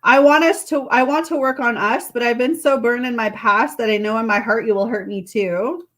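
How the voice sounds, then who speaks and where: Chatty tarot lady doing a live reading, kinda high voice, reading card messages and talking to her viewers. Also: normal speed, fairly bright tone. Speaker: tarot reader.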